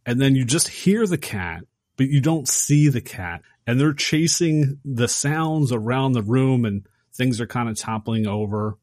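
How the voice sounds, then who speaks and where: A man casually recapping a horror film on a podcast, acting out the characters' lines with animated energy. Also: mid-range voice, measured pace, dry recording, clean studio sound. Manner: animated storyteller acting out quotes. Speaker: podcast host.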